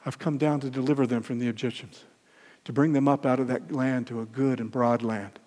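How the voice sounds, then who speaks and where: An older man preaching a sermon, emphatic, swinging from loud peaks to soft lines and asking the congregation questions. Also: mid-range voice, steady tone, fairly quick. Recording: long hall reverb.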